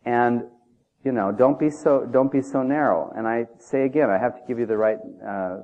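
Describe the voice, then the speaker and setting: A man's voice: mid-range voice, moderate pace. A man preaching a sermon in an emphatic, conversational way, often asking the listeners questions. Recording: tinny phone-like audio.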